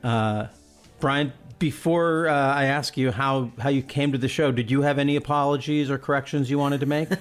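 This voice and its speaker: A man hosting a podcast, reading a measured, wry intro and then chatting with his co-host. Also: mid-range voice, steady tone, faint music behind. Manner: measured, wry, precise wording. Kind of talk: scripted intro, then casual chat.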